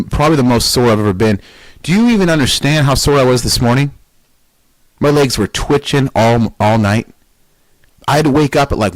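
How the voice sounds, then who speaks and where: A man's voice: medium pitch, dry recording, rough recording. A man hosting a weightlifting podcast in a casual, motivational monologue. He is emphatic and blunt, swears, and fires off rhetorical questions.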